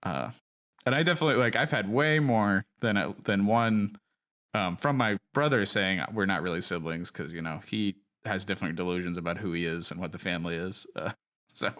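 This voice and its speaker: A man with a lowish voice hosts a casual podcast. His tone is bright and forceful. He keeps the discussion moving in an earnest way. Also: moderate pace. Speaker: podcast host. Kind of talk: casual chat.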